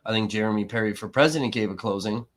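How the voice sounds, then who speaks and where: A man's voice: lowish voice, fast. A man hosting a live stream, talking casually in a profane, sarcastic, rambling way, sniffly from allergies.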